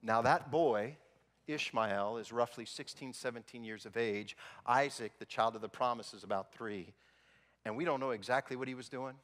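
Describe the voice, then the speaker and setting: Joking pastor in an echoing church. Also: male voice, mid-range voice, moderate pace, fairly bright tone. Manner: humorous, conversational storytelling. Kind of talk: sermon. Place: church sanctuary. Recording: long reverb in a church hall.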